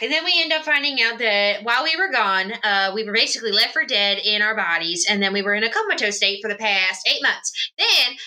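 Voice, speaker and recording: A woman's voice: mid-range voice, pushed and bright. A woman recapping a tabletop game campaign in casual chat, rambling with lots of fillers and laughter. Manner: rambling and giggly, with many fillers and asides.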